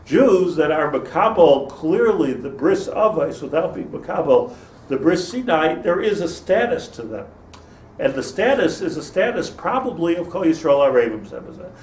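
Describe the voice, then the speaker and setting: A man's voice: a little high, big pitch swings, normal speed, darkish tone. A man, a rabbi, giving an informal Torah lecture to a class, digressing, restarting sentences and laughing at his own jokes. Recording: roomy, distant mic with faint noise.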